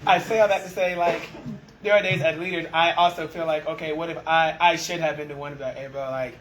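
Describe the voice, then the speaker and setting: A man who leads a restaurant team, chatting casually and acting out the exchanges in his stories with lively energy. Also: fairly high pitch, fast, a little hiss or hum, rough recording. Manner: animated storyteller, acts out quoted exchanges. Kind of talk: casual conversation.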